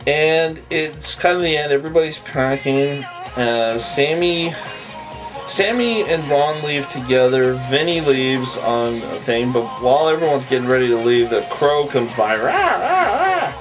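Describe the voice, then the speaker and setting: A man's voice: mid-range voice, unhurried, far from the mic, over music, poor audio. A man casually recapping a reality show episode, rambling with lots of fillers and a habit of adding "on that". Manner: rambling, many fillers, repeats the phrase "on that".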